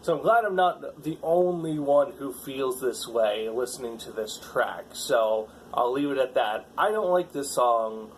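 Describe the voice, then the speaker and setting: Male music reviewer, casual, halting, lots of ums, blunt opinions, faint background noise. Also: mid-range voice, animated, poor audio. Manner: hesitant, lots of fillers and restarts; blunt, critical.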